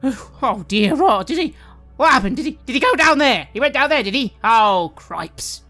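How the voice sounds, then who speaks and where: A man's voice: very animated, normal speed, sharp tone, exaggerated voice. A man voicing a flustered middle-aged showman in a top hat, stammering and fussy, with music behind. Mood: flustered fussing. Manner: stammering, fussy, high-pitched.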